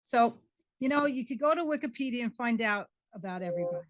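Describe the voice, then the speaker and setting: A woman's voice: on the high side, lively intonation, quick pace, heavy background noise. A woman hosting a talk show interview, introducing her guest with enthusiasm. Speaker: host.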